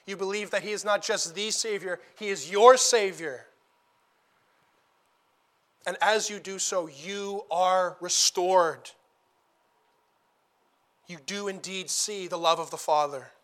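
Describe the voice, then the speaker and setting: Male preacher, high bright voice, emphatic sermon delivery with repeated phrases. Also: takes it slowly, long pauses. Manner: emphatic, repeats phrases for stress, rising to loud declarations.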